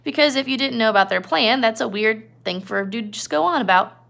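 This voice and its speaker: A woman's voice: on the high side, lively intonation, fast, gravelly, fairly bright tone. A woman teacher giving a conversational classroom lecture, retelling a novel with asides and checks on her listeners.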